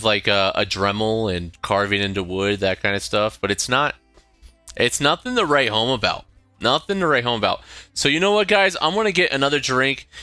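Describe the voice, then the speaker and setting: A man's voice: on the low side, pushed and bright, clear, resonant tone, no room sound. A young man chatting casually on a live stream, rambling and laughing often.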